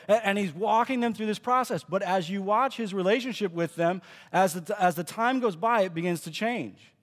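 A man's voice: high-pitched, fairly quick, hardly any pauses, big-room sound. A man giving a sermon as pastor, preaching in a conversational way and acting out the quoted speech he tells. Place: church auditorium.

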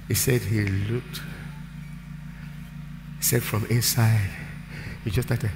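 A man with a Nigerian accent preaching a live church sermon, moving from storytelling into shouted, sing-song declarations. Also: lowish voice, measured pace, gravelly, pauses often, slight background noise. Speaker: pastor. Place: large church hall. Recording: roomy church hall with music behind.

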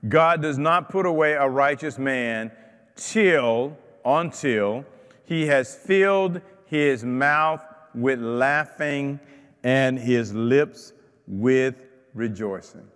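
Slow, fervent preaching man in an echoey church. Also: medium pitch, a bit bright, clean tone. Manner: fervent preaching with repeated phrases. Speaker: pastor. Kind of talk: sermon. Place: church sanctuary.

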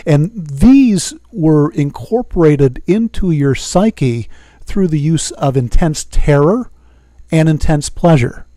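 A man hosting an interview, asking measured questions with the odd filler. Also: on the high side, animated, mellow, no echo, studio quality. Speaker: interviewer host.

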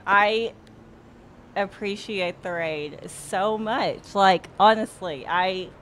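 Her pace slow and her medium-pitched voice a bit bright, a young Mississippi woman chats with viewers while streaming sim racing from home. She laughs often and swears now and then; a desktop USB mic catches slight background noise.

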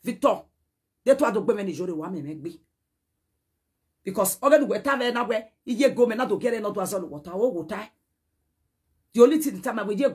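A woman's voice: mid-range voice, animated, fast, slight background noise. A Nigerian woman speaking to the camera in a heated message, scolding and pleading by turns and moving between Pidgin and a local language. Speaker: social media personality.

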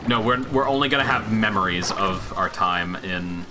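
A man's voice: low-pitched, moderate pace, music in the background. A man chatting casually and joking with a co-host while streaming a video game, with frequent swearing. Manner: joking, profane banter. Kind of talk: casual gaming stream chat.

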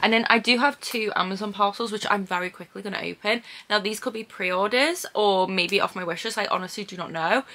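A young woman vlogging casually about books, gushing and excitable, with lots of "like" and "oh my god". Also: medium pitch, brisk, hardly any pauses. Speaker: book vlogger. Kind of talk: casual vlog chat.

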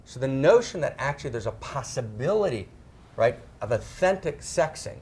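A middle-aged man speaking to a live audience, emphatic, often tagging his phrases with "right?" and slowing down to stress key words. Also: mid-range voice, very animated, a little mellow. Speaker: speaker on spirituality and sexuality. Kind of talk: animated talk to a live audience.

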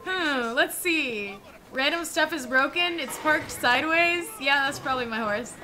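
A young woman streaming a video game, reacting excitably with squeals and shouts. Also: sits high, unhurried, noisy background. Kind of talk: live game-stream commentary.

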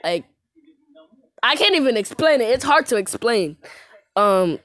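Breathless young woman rapping fast. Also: very animated, a bit bright, dry recording. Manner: fast rap delivery with stumbles and restarts; drops to a low, tired speaking voice between takes. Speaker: amateur rapper practicing. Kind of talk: rapping along to a beat, then chatting.

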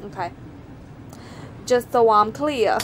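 A young woman with a lightly raised voice gives a relaxed running commentary while she plays a game at home. She talks half to herself and half to her viewers, full of little ums and asides. It is recorded on a desk mic, with faint clicking behind her. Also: on the high side, slow, background noise. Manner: chatty, muttering to herself with lots of ums. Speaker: let's play gamer. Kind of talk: casual gameplay commentary.

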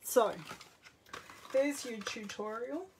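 A woman's voice: on the high side, slow pace, noisy background. An Australian woman giving a casual live card-making demo, chatting with viewers as she works. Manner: chatty, greets live viewers while working. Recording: distant, off-mic sound.

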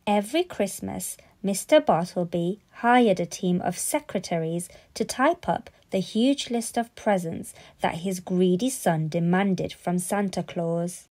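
A woman reading a children's storybook aloud in an expressive, playful way. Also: lowish voice, a little slow, few pauses.

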